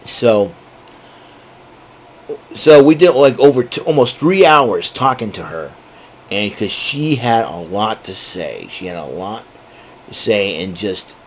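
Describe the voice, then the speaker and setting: A man's voice: lowish voice, big pitch swings, takes it slowly, pauses often. A man hosting a podcast, telling a long casual story that rambles, with many restarts and digressions. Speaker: podcast host. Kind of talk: casual monologue.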